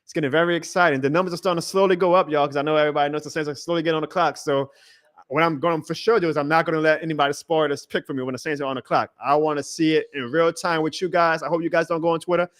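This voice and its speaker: A man hosting a live reaction stream in a casual, excitable, rambling way, chuckling often as he talks to his chat. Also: a little high, rapid-fire.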